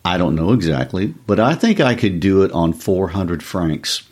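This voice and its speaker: Played by a man reading a story aloud, a petulant, discontented young wife snaps her lines in a low, husky voice with a lively lilt. She sounds impatient and aggrieved. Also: normal speed.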